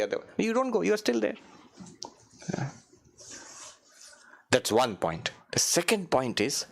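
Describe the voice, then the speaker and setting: In a meditation hall, a man who is a monk delivers a spiritual retreat talk with animation. He chuckles, chants Sanskrit verses, and lets his pitch swing high and low.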